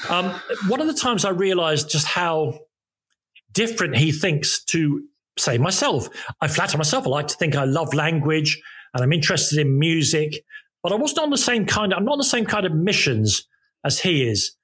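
A man with a slightly high, husky, a bit bright voice and big pitch swings speaks at a normal speed on a podcast. Recording at home over a video call, he tells music-journalism anecdotes in a casual, rambling way, interrupting himself with many ums and restarts.

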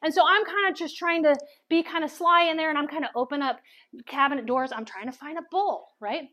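A woman telling a personal testimony as a sermon, animated and full of stammered restarts. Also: high-pitched, a little fast. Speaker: speaker sharing testimony. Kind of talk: sermon storytelling.

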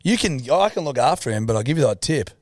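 A man's voice: medium pitch, expressive, quick pace, no room sound, studio quality. Blunt, teasing male podcast host. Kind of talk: casual chat.

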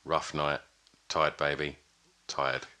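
A man voicing a weary, dying male gangster in a put-on Puerto Rican accent, delivering a slow, quiet, resigned film monologue. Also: very deep voice, monotone, clear, resonant tone, heavily acted. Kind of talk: reading film's closing monologue.

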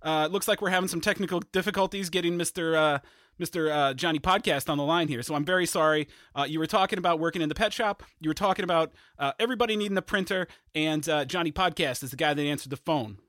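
A man producing and hosting a comedy podcast, rambling with lots of fillers, nervous and quick to apologize. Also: fairly high pitch, a bit bright, no echo, studio quality. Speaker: podcast producer and stand-in host.

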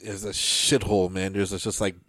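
A man walking through a film's plot in relaxed conversation, plain and matter-of-fact. His voice sits at an ordinary pitch, recorded dry and close. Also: moderate pace, no echo. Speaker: podcast co-host. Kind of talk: casual movie chat.

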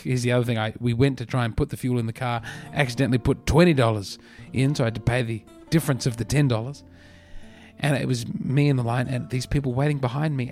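An Australian man hosting a comedy podcast, telling meandering stories in a dry, self-mocking way. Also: medium pitch. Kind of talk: rambling comedic podcast monologue.

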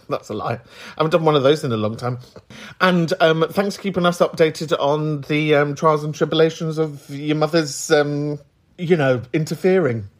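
A man hosting a podcast, teasing and giggling as he answers a caller's story. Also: a little high. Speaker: podcast host. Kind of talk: casual podcast chat.

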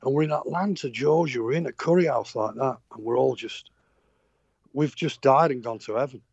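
A middle-aged Yorkshire man from Sheffield spins a rambling tour story, stopping and restarting with plenty of fillers. His voice sits at an everyday middle pitch. The sound is dull and muffled, close and dry. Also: moderate pace, vocal fry, darkish tone, slightly rough, no room sound. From Sheffield, England. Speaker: touring musician guest. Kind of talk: anecdotal interview chat.

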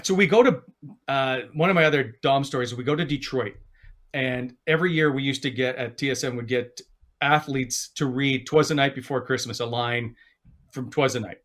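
A man hosts a casual sports podcast, telling stories and animatedly acting out quotes in different voices. He speaks at normal speed in a mid-range voice.

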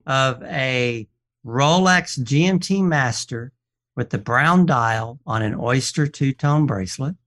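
A man telling stories on a radio talk show, quoting the people in them and often restarting his sentences. His pitch sits in the middle for a man. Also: slow. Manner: animated storyteller, quotes people in dialogue, frequent restarts. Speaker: watch expert and appraiser, guest. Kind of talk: casual radio show storytelling.

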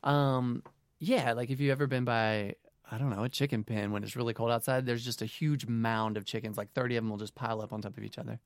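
A man co-hosting a podcast in casual chat, easygoing and wry, dropping deadpan asides. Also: medium pitch, quick pace, no room sound, clean studio sound. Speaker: podcast co-host.

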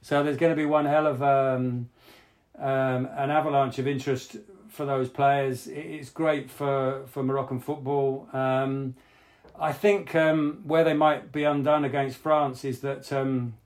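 A man discussing football tactics in casual podcast chat, analytical and hesitant, often pausing to rephrase. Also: mid-range voice, level tone. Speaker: football pundit.

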